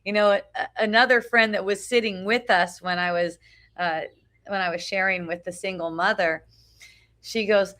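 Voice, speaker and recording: A woman's voice: mid-range voice, fairly even intonation, normal speed, a bit bright. A middle-aged woman giving an informal spiritual talk to a small group outdoors at a beach. She talks conversationally, often asks "right?", restarts her sentences and swears casually. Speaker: spiritual teacher. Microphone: phone live video.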